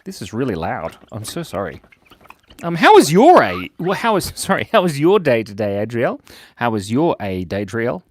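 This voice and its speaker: A man's voice: medium pitch, wildly swooping pitch, normal speed, no room sound, studio quality. A man hosting a casual drawing livestream, chatting playfully, reading viewer comments aloud and giggling often. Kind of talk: casual live-stream chat while drawing.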